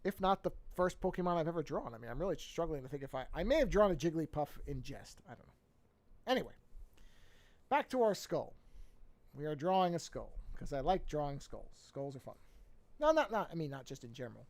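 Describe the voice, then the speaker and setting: A man's voice: fairly high pitch, big pitch swings, brisk. A man in his forties who chats casually while drawing on a live stream, rambling and correcting himself as he goes. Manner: rambling, self-correcting, chatty asides. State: yawning, a bit sleepy. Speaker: artist streaming a drawing session.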